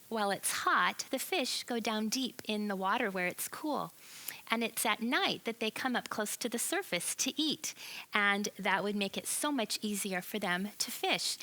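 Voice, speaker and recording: A woman telling a Bible story to children as a church lesson, animated and expressive, asking her listeners questions. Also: on the high side. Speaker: children's ministry teacher.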